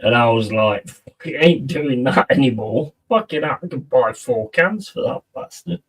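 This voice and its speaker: A man's voice: medium pitch, lively intonation, normal speed, husky, recorded from a distance. A man chatting casually on a live stream, reading out and answering viewers' messages and swearing freely.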